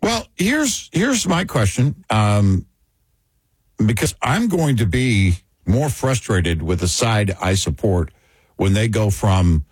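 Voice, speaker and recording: A man hosting a political talk show, speaking in a frustrated, emphatic way with a husky voice. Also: on the low side, big pitch swings, slow, no echo.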